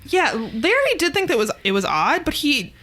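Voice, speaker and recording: A woman's voice: high voice, wildly swooping pitch, normal speed, a bit bright. A woman co-hosting a podcast, recapping a TV episode in a dry, wry casual chat. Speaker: podcast co-host.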